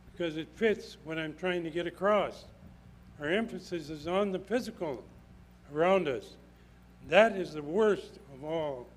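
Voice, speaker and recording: Older male preacher, emphatic, repeats lines, slightly higher voice. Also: rough recording. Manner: emphatic, repeats phrases for stress. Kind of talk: sermon.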